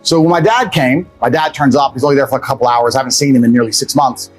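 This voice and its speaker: Husky guy rattling off a story in an interview, swears a lot, faint music under it. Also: mid-range voice, fast, poor audio. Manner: blunt, profane, rambling anecdotes. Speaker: guest.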